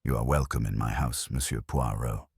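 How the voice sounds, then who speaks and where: A man's voice: extremely low pitch, steady tone, moderate pace, creaky, husky, dry recording, studio quality, voice pushed down, heavily acted. A man voicing a stout, imperious male genius detective who speaks in curt, commanding, dismissive sentences.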